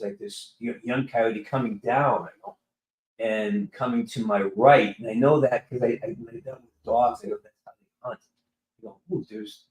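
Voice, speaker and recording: A man chatting casually with his live-stream audience, telling a rambling, animated story with many restarts. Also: medium pitch. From California. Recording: roomy echo.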